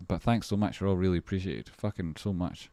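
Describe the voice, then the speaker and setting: A man's voice: deep voice, brisk, warm tone, no room sound. A man hosting a casual livestream, rambling and swearing freely as he reads out viewer names and thanks supporters. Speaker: livestream host.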